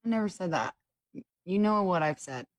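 Female morning radio co-host, husky and lively, dry close mic, teasing banter. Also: lowish voice, brisk, no room sound.

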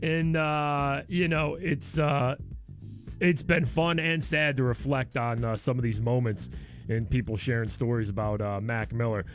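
A man's voice: medium pitch, steady tone, a little slow, faint music behind. A man hosting a radio show, talking in a casual, playful way and laughing often.

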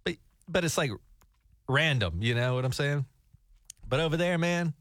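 A man's voice: on the high side, normal speed, fairly bright tone, no room sound, studio quality. A man on a talk show, telling a rambling, jokey travel story with laughs. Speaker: radio show co-host. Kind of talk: casual storytelling chat.

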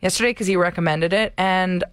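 A woman's voice: lowish voice, fairly even intonation, a little fast, smooth, no room sound, studio quality. A woman co-hosting a radio morning show, chatting in a playful, teasing way and laughing often. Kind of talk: casual radio banter. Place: radio studio. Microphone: studio mic.

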